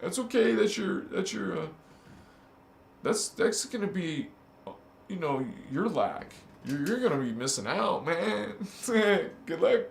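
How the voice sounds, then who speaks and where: A man hosting a casual spiritual livestream from his bedroom. He laughs a lot and talks in animated street slang. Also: high-pitched, slow, gravelly, roomy sound. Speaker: livestream host. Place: bedroom, on a squeaky bed.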